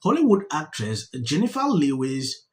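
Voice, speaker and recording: A man's voice: huge pitch swings, moderate pace, a little mellow, poor audio. A man hosting a commentary channel, talking earnestly and with emphasis about a news story. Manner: earnest, emphatic, pitch rising and falling.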